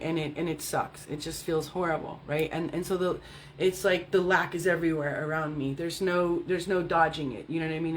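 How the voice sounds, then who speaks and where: A woman's voice: sits low, a little hiss or hum. A middle-aged woman, an energy healing and fitness coach, talking candidly and bluntly with plenty of swearing, often checking in with "right?" and "okay?". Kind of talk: candid casual monologue.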